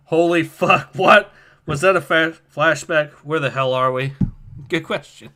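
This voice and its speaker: A man's voice: a little high, measured pace, pushed and bright. A man hosting a livestream comic reading, reacting animatedly, swearing and reading out chat comments.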